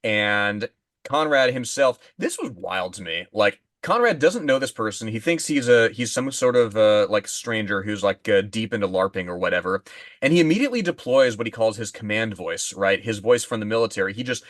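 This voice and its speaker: A man with a lowish voice, recorded close and dry with no room sound. He talks casually on a podcast, stopping and restarting his phrases as he thinks. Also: animated, fairly bright tone, no echo. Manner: halting, restarts phrases while hunting for words. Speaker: podcast co-host. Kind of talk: casual book-discussion chat.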